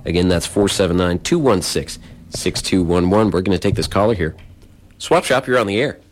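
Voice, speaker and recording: A man's voice: low-pitched, a little fast, a little hiss or hum. A man hosting a casual call-in radio show, loose and self-deprecating, yawning and stumbling over his words. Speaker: radio host. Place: small-town radio studio.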